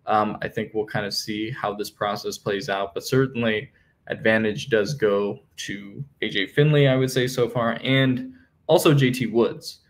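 A man's voice: on the low side, steady tone, unhurried. A young man hosting a sports podcast, talking casually through team news with many fillers and restarts. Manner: conversational, many fillers and self-corrections. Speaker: podcast host. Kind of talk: solo sports podcast analysis.

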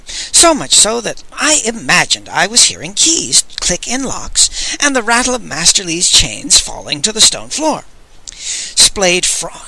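A man reading a novel aloud in first person, with an expressive, dramatic delivery. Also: high voice, vocal fry, poor audio. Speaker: audiobook reader. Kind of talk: first-person audiobook narration.

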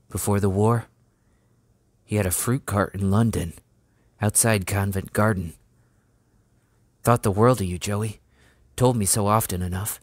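A man voicing a soft-spoken young soldier lad. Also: lowish voice, dry recording, clean studio sound. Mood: grieving. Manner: soft, gentle, talking fondly to a horse. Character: gentle young English farm lad soldier.

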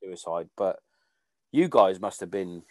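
Low-voiced man hosting a podcast. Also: lively intonation, a little slow, a little mellow, dry recording. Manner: informal, swears casually, trails off. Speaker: podcast host. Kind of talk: casual conversation.

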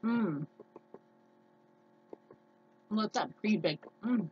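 Casual cooking vlogger: a woman with a low-ish, scratchy, nasal voice, unhurried and rambling, on a dull lo-fi home recording. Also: a bit bright, husky. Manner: rambling, chatty, many fillers and restarts. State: scratchy, slightly hoarse voice.

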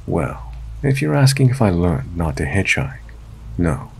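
A man narrating a true scary story in a steady, measured storytelling voice. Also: low voice, gravelly, slightly rough. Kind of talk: scripted narration.

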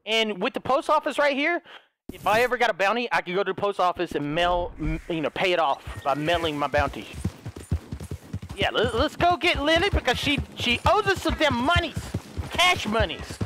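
A young man giving excitable, goofy let's play commentary, swearing often. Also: high voice, normal speed, background noise. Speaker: gaming YouTuber.

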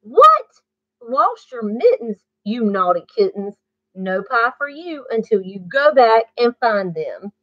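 A woman's voice: a little high, expressive, a little slow, dry recording, highs cut off. A woman reading aloud, voicing a mother cat who scolds and praises her kittens in a sing-song storybook voice. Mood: scolding. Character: scolding mother cat, warm but strict.

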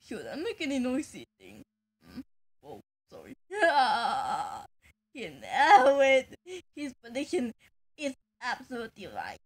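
A woman's voice: on the high side, husky. A woman in playful reaction banter, teasing, giggling and swearing. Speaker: fan video maker.

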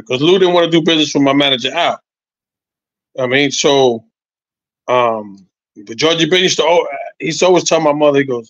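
A man in his sixties, a former boxer, telling animated, profane stories as a podcast guest, repeating his points. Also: on the high side, fairly quick, pauses often, dry recording, muffled recording. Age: 60s. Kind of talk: casual podcast chat.

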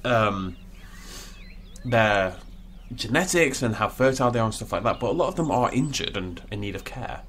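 A man's voice: on the low side, lively intonation, normal speed, fairly bright tone, a little hiss or hum. A man giving casual, playful commentary while he plays a video game, full of jokey asides. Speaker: let's play host.

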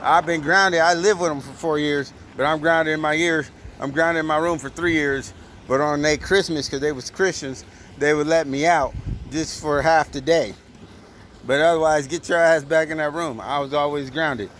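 A man's voice: a little high, moderate pace, fairly bright tone. A man ranting bluntly and with a lot of swearing in a casual monologue, as a truck driver filming himself at a truck stop. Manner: blunt, profane, heated. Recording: outdoor traffic noise.

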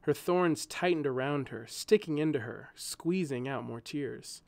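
A man reading a storybook aloud in scripted narration, with a gentle, measured telling. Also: on the high side, vocal fry, dry recording.

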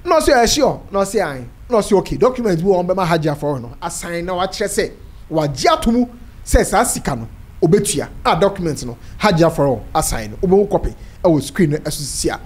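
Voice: medium pitch, quick pace, breathy edge. A Ghanaian presenter retelling a court story, mixing Twi with English legal terms. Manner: animated, switching between Twi and English. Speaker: news presenter.

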